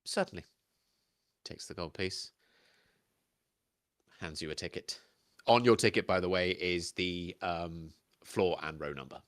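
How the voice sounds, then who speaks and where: Male game master, very low voice, dry close mic, steady narration. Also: unhurried, no room sound.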